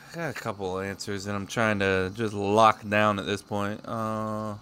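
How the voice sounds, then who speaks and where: A man's voice: lowish voice, level tone, unhurried, bright, forceful tone, clear, resonant tone. A man co-hosting a casual podcast over a call, teasing his co-host and swearing freely. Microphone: headphones on a call.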